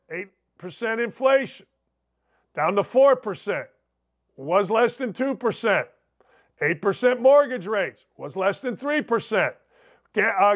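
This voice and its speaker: An older man hosting a sports radio show, ranting in a sarcastic, mocking monologue and reading out listener messages. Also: very high-pitched. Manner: reads listener messages aloud. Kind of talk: opinionated talk radio monologue.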